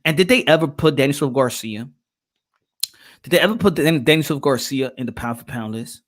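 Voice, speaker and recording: A man's voice: medium pitch, a little fast. A man hosting a casual boxing livestream, reading out chat and posing rhetorical questions, often repeating himself. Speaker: boxing show host.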